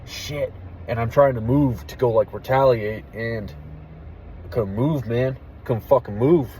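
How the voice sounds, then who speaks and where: A young man, an army veteran, telling a story casually and candidly, with plenty of swearing and a hushed drop in voice at the tense parts. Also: mid-range voice, a little slow, slight background noise, rough recording. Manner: candid, profane, drops to a hush for tense moments.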